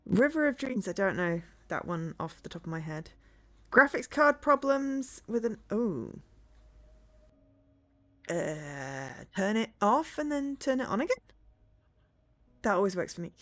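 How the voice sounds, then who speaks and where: A woman's voice: mid-range voice, very animated, measured pace, long pauses. A woman streaming from home, chatting casually with her viewers, rambling, laughing often and humming bits of songs.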